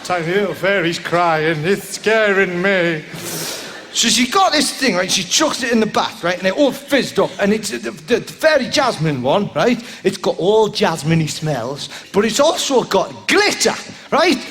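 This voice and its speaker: High lively guy doing standup, rambles on, keeps saying right?, noisy live show. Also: normal speed. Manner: rambling, tags lines with "right?"; bursts into shouts. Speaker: stand-up comedian. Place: live comedy venue with audience. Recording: live show with crowd noise.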